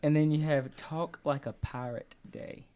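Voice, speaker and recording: A man's voice: on the high side, steady tone, a little slow, warm tone. A man co-hosting a casual podcast chat, joking around and often murmuring agreement. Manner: joking, frequent backchannel agreement. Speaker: podcast co-host.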